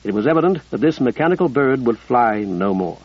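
A man narrating an audiobook in a measured, even storytelling manner. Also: medium pitch, husky, no echo, muffled recording.

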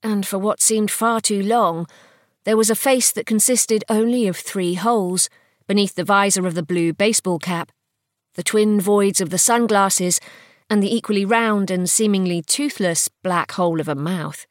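A woman narrating a novel in a measured, even storytelling voice. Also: mid-range voice, dry recording, clean studio sound. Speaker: audiobook narrator. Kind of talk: scripted fiction narration.

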